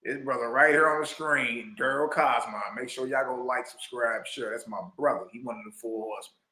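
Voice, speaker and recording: Excitable man in a roomy echoey space. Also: medium pitch, fairly quick. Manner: loud, excitable, laughs often, preacherly asides with "you dig". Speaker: reaction video host. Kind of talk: animated commentary reacting to a clip.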